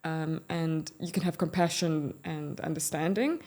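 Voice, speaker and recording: A South African woman co-hosting a podcast in a candid, conversational way. Her voice sits a little low. She talks with frank, measured openness about what she has lived through. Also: steady tone, a little mellow. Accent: South African English. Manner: frank and measured, speaking from personal experience. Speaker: podcast co-host.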